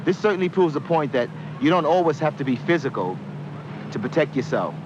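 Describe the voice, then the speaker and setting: A man speaking calmly to camera, giving measured, earnest advice on staying safe during a robbery. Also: on the high side. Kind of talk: direct-to-camera educational talk. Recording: dull lo-fi 1970s film sound, faint street noise.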